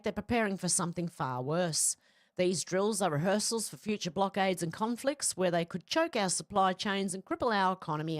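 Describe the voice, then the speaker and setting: A woman's voice: mid-range voice, no room sound. Blunt woman, dry close sound. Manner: blunt, outspoken, swears. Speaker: political commentary host. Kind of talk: casual opinion commentary, reading posts aloud.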